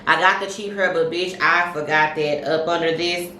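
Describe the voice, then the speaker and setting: Lower-voiced laughing storyteller woman. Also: fairly even intonation, normal speed, sharp tone, echoey room, a little hiss or hum, rough recording. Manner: laughing, chatty, acts out voices while telling stories. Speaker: podcast co-host. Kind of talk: casual chat, storytelling.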